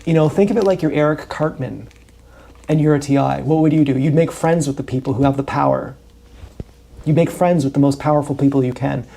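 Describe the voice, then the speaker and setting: A man talking straight to his livestream in a loose, wandering monologue, swearing freely and leaning hard on his points. His voice is gravelly with a dark, mellow tone. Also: on the high side, brisk. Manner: profane, meandering, emphatic. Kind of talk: rambling casual monologue.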